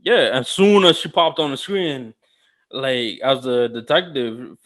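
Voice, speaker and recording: A young man co-hosting a podcast, chatting casually and telling stories in a rambling, animated way with lots of restarts. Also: mid-range voice, measured pace. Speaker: podcast co-host. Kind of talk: casual chat.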